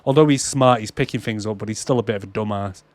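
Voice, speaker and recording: A man's voice: on the low side, quick pace. A young man co-hosting a movie podcast, swearing a lot and laughing often as he retells scenes and mocks the lines in put-on voices. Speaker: podcast co-host. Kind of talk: casual movie recap chat.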